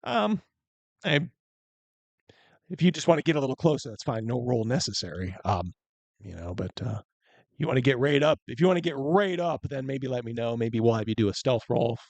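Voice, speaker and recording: A man's voice: medium pitch, animated, brisk, creaky, a little mellow, dry recording. A man narrating as game master of a tabletop game, loose and chatty, laughing often.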